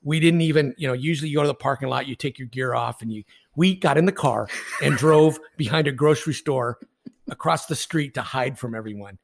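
Gravelly, blunt-talking man telling stories. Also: mid-range voice, brisk. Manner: blunt, profane, laughing storyteller. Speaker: baseball umpire, podcast co-host. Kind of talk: casual storytelling chat.

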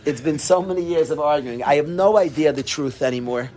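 Animated man telling a funny story. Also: fairly high pitch, a little fast. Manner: animated, self-deprecating, peppered with "like". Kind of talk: humorous personal anecdote told to a group.

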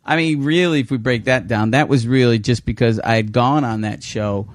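A man's voice: mid-range voice, moderate pace, no echo. A man in his fifties, a guest comedian, telling candid stories in casual conversation with self-mocking laughs.

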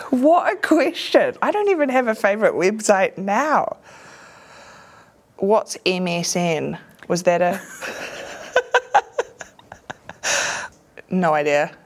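A woman with a New Zealand accent, a comedian and actor telling casual anecdotes in an interview, acting out voices and laughing often. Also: mid-range voice. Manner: lively storyteller who acts out voices and laughs often.

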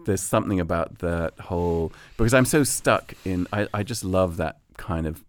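Low-voiced man hosting a chatty podcast. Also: normal speed. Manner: animated storyteller, laughs often, many restarts. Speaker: podcast host. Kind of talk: casual conversation.

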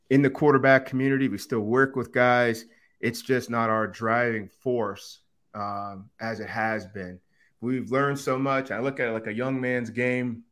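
A man talking as a podcast guest and coach, telling stories in an animated way and acting out the people he quotes. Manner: animated storyteller who acts out quoted voices with big pitch jumps. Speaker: podcast guest, quarterback coach and former TV analyst. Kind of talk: casual podcast conversation.

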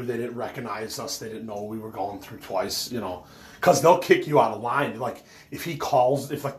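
Rambling stoned man telling a story. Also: medium pitch. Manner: rambling, fillers, swears, laughs at himself. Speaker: autograph collector telling a story.

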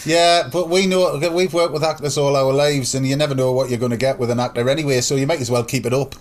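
A middle-aged man with a Geordie accent, co-hosting a casual chat and telling stories with lots of laughter and quick mimicry. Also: medium pitch, fairly even intonation. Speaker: co-host.

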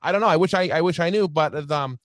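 Animated higher-voiced man as podcast guest. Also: fast talker, no room sound, clean studio sound. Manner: animated, laughs often, uses many fillers like "right" and "you know". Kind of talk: casual chat.

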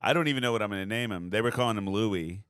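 Low-voiced comedian, a little high, rambling and laughing, dry close sound. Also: male voice, rapid-fire, a bit bright, smooth, dry recording. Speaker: comedian podcast co-host. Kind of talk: casual chat.

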